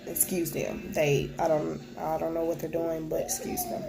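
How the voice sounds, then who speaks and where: Over music, a young woman with a low, creaky voice speaks at normal speed while her pitch swoops wildly. She vlogs from home with children nearby, telling a personal story plainly and candidly and quoting what was said.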